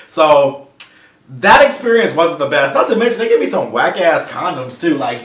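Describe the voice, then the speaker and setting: A young man telling a personal story to camera in a casual vlog, talking fast and animated, sometimes stumbling over his words and swearing. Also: on the high side, roomy sound. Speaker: vlogger.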